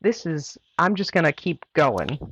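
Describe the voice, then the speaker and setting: Low-voiced woman telling a story. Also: big pitch swings, unhurried, breathy edge, dry recording. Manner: chatty, heavy use of "like" fillers. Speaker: guest runner. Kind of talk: casual storytelling. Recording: dull, dry lo-fi audio.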